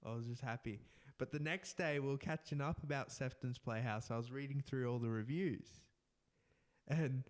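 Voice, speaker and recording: A young man telling an animated story in casual podcast chat, often laughing and restarting his sentences. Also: medium pitch, moderate pace. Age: young adult. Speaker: podcast co-host.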